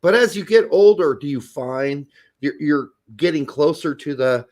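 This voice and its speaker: A man's voice: on the high side, animated, normal speed, darkish tone. A man hosting a casual podcast interview who laughs often and answers with short replies. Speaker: podcast host.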